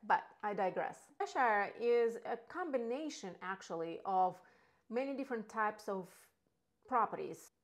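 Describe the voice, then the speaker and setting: A woman, not a native English speaker, talking as a real estate agent in a casual, enthusiastic video about local neighborhoods, with asides and restarts. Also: mid-range voice.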